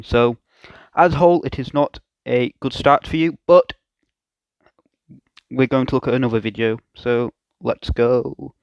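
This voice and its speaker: A man's voice: medium pitch, no room sound, lo-fi sound. A young man hosting a reaction video, talking in a self-mocking, hesitant way. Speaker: YouTube reaction host. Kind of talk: reaction commentary.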